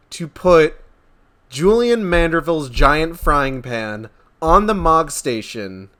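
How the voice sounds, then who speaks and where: A young man giving let's play commentary, talking in an excited, laughing, emphatic way. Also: on the high side, extremely slow, pauses often. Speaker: streamer.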